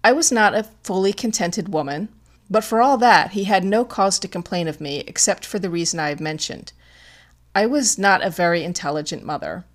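A woman's voice: fairly low pitch, moderate pace, lightly acted. A woman voicing a grieving, widowed young mother who is proud and desperate, speaking with emotional pleading in an audiobook.

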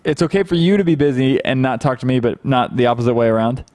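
Young guy gaming streamer, teasing and joking a lot, laughs easy, average pitch. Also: quick pace, darkish tone, no echo. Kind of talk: casual gameplay chat.

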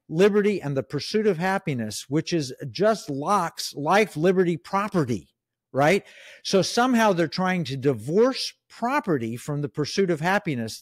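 A man's voice: high voice, dry recording, clean studio sound. A middle-aged man speaking as a guest in an interview, emphatic and opinionated, with frequent restarts. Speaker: guest, economic commentator. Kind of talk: interview conversation.

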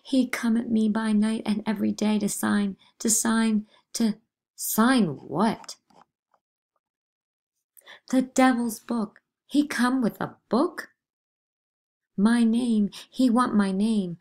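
A woman's voice: fairly high pitch, slow, vocal fry, pauses often, darkish tone, pitched above the performer's own voice. A woman reading a play aloud, voicing a frightened teenage girl accuser who sobs and pleads in panic. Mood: hysterical. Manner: sobbing, breathless, pleading.

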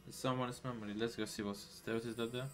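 A man giving excitable live gameplay commentary in broken English, taunting the enemies he fights. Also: medium pitch, fast. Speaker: gameplay streamer. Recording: game music playing underneath. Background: game music.

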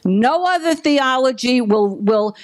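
A woman's voice: high voice, lively intonation, a little slow. A woman pastor preaching a sermon with emphasis, acting out the scripture quotes as she goes.

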